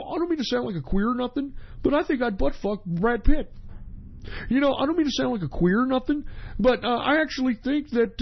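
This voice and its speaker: A man mimicking a sheepish macho guy in a quick, mocking voice that sits higher than his own. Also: dull audio, full character voice.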